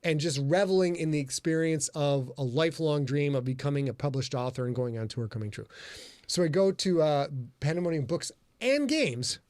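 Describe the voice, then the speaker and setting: A man with a somewhat high voice hosts a casual podcast. He tells stories with lively energy and plenty of swearing, sometimes shouting out other people's lines. The room sounds dry. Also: fairly quick, no room sound. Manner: animated, profane, does loud voices in anecdotes. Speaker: podcast host. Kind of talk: casual chat, storytelling.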